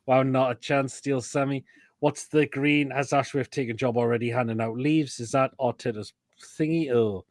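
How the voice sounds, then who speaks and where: A man's voice: mid-range voice, fairly even intonation, normal speed, no room sound. A man hosting a casual live stream, reading out comments and crude jokes about food photos. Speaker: host.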